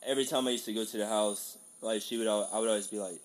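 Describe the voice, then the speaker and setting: Chatty man telling a story. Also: fairly low pitch. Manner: animated storyteller, quick to laugh. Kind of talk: casual chat.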